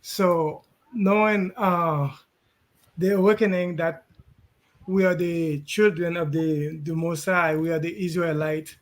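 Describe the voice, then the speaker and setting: Earnest high-voiced man. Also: steady tone. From Haiti. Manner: hesitant, many pauses and fillers, earnest. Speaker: client and guest on a live call. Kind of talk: casual testimony on a video call. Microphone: video call.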